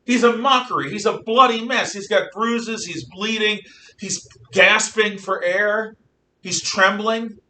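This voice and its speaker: A man voicing a stern Roman governor, declaiming in a forceful, insistent way. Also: sits high, a little slow, far from the mic, slight background noise, voice pushed up, exaggerated voice.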